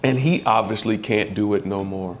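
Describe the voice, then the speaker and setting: A man telling the story of losing his old dog, candid and halting, often close to tears as his voice drops. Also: a little hiss or hum. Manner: candid, halting, swears, voice drops low when upset. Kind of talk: emotional personal storytelling.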